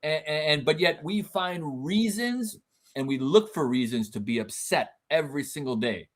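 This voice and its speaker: A man co-hosting a podcast in casual conversation, animated, with his voice leaping up high whenever he acts out what someone else said. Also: moderate pace. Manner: animated, jumps high when quoting others; frequent restarts and repeated words.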